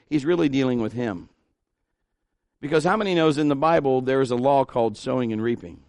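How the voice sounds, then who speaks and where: A middle-aged pastor preaching an animated sermon, acting out the people he quotes. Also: sits high, no echo, studio quality.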